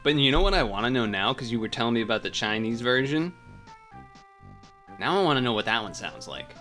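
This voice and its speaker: A man's voice: medium pitch, animated, a little fast, bright, forceful tone, faint music behind. A man streaming, chatting casually and teasing a caller in a playful back-and-forth.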